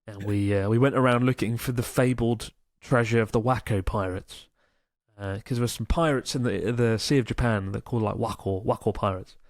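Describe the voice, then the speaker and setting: A man's voice: fairly low pitch, fairly even intonation, fairly quick, no echo, studio quality. A man co-hosting a casual podcast, reading out listener emails and chatting enthusiastically, swearing casually now and then.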